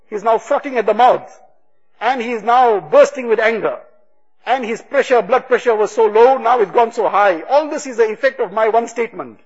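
A man giving a religious talk, retelling stories with quoted dialogue in a husky voice. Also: extremely high pitch. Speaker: religious speaker. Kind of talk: sermon storytelling. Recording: dull lo-fi recording.

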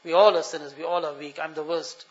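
A man preaching a sermon, telling a story and pleading earnestly with his listeners, dropping to a hush and then rising loud. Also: fairly high pitch, flat delivery, fast talker. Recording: dull lo-fi sound.

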